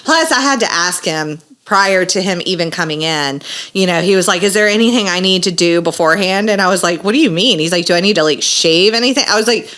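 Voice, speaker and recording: Bright, chatty woman. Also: on the low side, fairly quick. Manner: chatty, laughs often, animated storytelling. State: sinus congestion. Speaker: podcast co-host, massage therapist. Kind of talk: casual chat.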